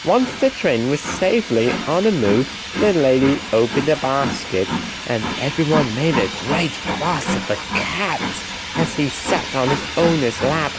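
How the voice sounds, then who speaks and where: A man reads a children's storybook aloud, his voice a touch higher than most and moving a great deal in pitch. The delivery is lively and expressive, suited to a young audience. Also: unhurried, heavy background noise.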